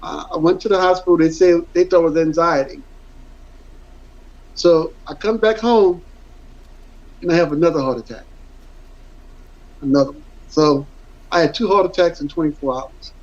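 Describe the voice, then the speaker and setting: A former football player in middle age gives a candid interview, telling his story in an earnest, rambling manner and repeating words to emphasize them. His voice is a little high, his speed normal, and he pauses often. The audio sounds dull and lo-fi.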